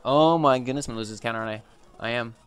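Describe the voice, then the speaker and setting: A young male gaming streamer gives reactive gameplay commentary in a mid-range, fairly bright, smooth voice that comes out rapid-fire. As things go wrong, he erupts in frustrated outbursts, swearing and exclaiming repeatedly.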